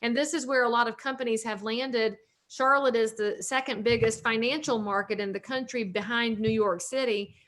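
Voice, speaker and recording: A woman's voice: on the high side, steady tone, normal speed, hardly any pauses, fairly bright tone. Chatty Southern woman in her forties. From North Carolina, US. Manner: talkative, joking, upbeat. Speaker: realtor and author, guest. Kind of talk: casual interview chat.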